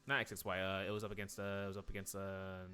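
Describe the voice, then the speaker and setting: A man commentating an esports match play by play, rattling off quick calls and drifting into rambling asides full of fillers. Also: low voice, little pitch movement, bright, forceful tone, soft background music.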